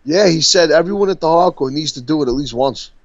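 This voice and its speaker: A man's voice: fairly high pitch, fast talker, no room sound. Profane rambling New guy. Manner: profane, rambling storytelling with laughs. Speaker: podcast co-host. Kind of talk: casual chat. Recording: dull, dry lo-fi sound.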